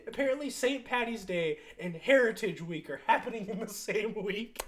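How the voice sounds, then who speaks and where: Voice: mid-range voice, moderate pace. A young adult podcast host who retells a movie plot in casual chat, swearing freely, laughing often and acting out the quotes.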